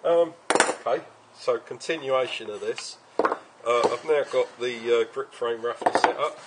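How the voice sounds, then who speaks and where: A man's voice: medium pitch, measured pace, heavy background noise. A British man casually talking through a hobby build in his workshop, rambling with plenty of ums and uhs.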